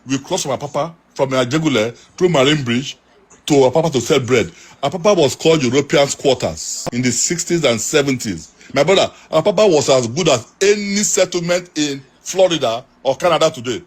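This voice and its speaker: A middle-aged Nigerian man with a husky voice, telling earnest stories and pleading with his listeners. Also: fairly high pitch, animated, brisk. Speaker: interviewee. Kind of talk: emotional storytelling.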